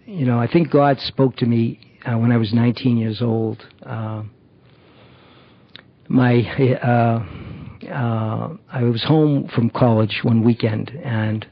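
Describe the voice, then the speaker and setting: A middle-aged man giving a halting personal testimony about recovery, full of fillers and restarts. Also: medium pitch, steady tone, creaky, no room sound, muffled recording. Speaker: recovery program member.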